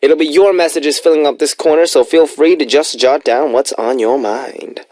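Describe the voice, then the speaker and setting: A man's voice: on the high side, fairly even intonation, moderate pace, a little mellow, dry recording. Chatty man hosting radio. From United States. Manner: chatty, playful, upbeat asides. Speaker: radio DJ and host. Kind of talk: casual radio show hosting. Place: radio studio.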